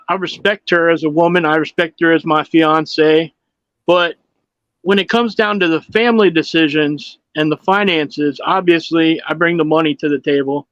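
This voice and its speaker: A man's voice: on the high side, a bit bright, no echo, dull audio. A middle-aged man on a panel, speaking earnestly with hesitant fillers and restarts. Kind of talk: casual panel chat.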